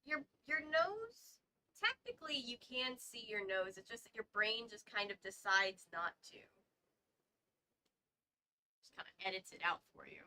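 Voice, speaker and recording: A woman's voice: on the high side, expressive, unhurried, long pauses, pushed and bright, a little hiss or hum, rough recording. A woman hosting a casual book read-along, reading aloud with stumbles and chatty asides. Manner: reads aloud with stumbles and side comments.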